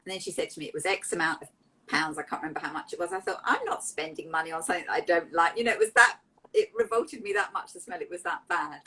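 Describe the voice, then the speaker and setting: A woman, an interview guest telling personal stories in a heartfelt, emotional, animated way. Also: on the low side, quick pace, husky, rough recording. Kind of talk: candid interview storytelling.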